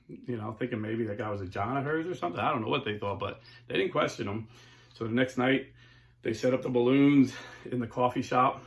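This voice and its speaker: A man hosting a Catholic talk show, telling stories in a casual, animated way. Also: mid-range voice, a little fast. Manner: animated storyteller, casual with filler words. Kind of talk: storytelling talk.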